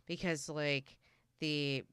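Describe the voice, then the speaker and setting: A woman's voice: low voice, steady tone, takes it slowly, fairly bright tone, smooth, no echo. A woman hosting a casual chat, talking loosely with many fillers. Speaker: host.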